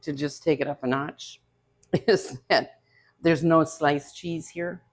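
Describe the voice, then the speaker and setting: A woman's voice: low-pitched, steady tone, slow. An older woman tasting food on a cooking show, chatty and effusive, full of old-fashioned exclamations, in a studio kitchen. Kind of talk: casual kitchen chat.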